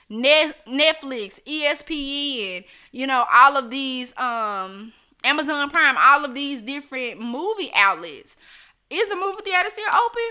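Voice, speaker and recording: A woman with a high, very bright voice hosts a casual live stream. She chats straight to her viewers, reads out their comments and laughs easily. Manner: chatty, laughs often, talks straight to viewers.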